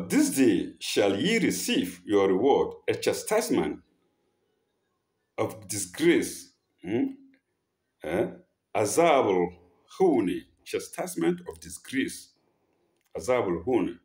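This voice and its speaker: A male preacher with a low voice that swings up and down as he recites Quran verses and unpacks them in English. He keeps asking rhetorical questions to his listeners. The sound carries a roomy echo. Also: a little mellow. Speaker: Islamic preacher. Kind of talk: sermon teaching Quran verses.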